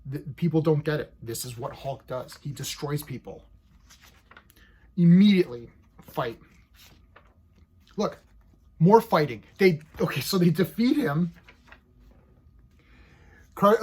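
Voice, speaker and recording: An excitable male comic book reviewer in a casual video review, his voice husky and slightly high. He's chatty and animated, acting out the characters' lines in quick paraphrase.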